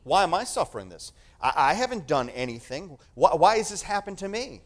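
A male preacher voicing a long-ill woman, questioning and pleading in a quieter tone. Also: on the high side, big pitch swings, brisk. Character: suffering woman, long ill, bewildered and resentful.

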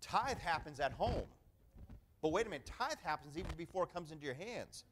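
A man's voice: fairly high pitch, very animated, fairly quick, a bit bright, slight background noise. A middle-aged man preaching a sermon as pastor, emphatic and conversational, often calling for an "amen" from the congregation.

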